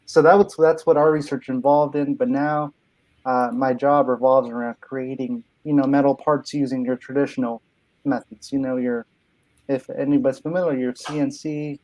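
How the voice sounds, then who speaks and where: A young man in his twenties introducing himself on an online panel, modest and a little hesitant, with lots of ums. His voice is mid-pitched and unremarkable in tone. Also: fairly even intonation, moderate pace, a little mellow, poor audio. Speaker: guest engineer. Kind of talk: casual online panel chat.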